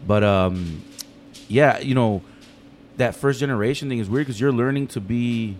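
A man talking casually on a podcast, telling stories in a fast, animated, profane way. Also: mid-range voice, slight background noise. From United States.

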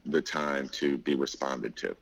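A man's voice: very deep voice, measured pace, creaky, no echo, highs cut off. A middle-aged man who owns a restaurant, telling a story in a casual interview, acting out what people said, with lots of fillers. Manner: animated storyteller, acts out quotes, many fillers. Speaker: restaurant owner.

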